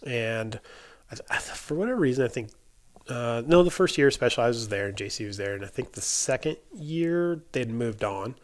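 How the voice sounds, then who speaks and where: A man's voice: medium pitch, animated, normal speed. A young adult man, a bike mechanic guest, telling a story in a casual, chatty way, full of "like" and acted-out quotes. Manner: chatty, lots of "like" fillers, acts out quoted dialogue.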